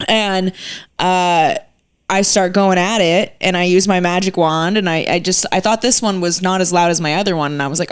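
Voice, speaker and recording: A woman's voice: lowish voice, fairly even intonation, normal speed, clear, resonant tone. Candid woman telling a story. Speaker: podcast co-host. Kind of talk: casual podcast chat.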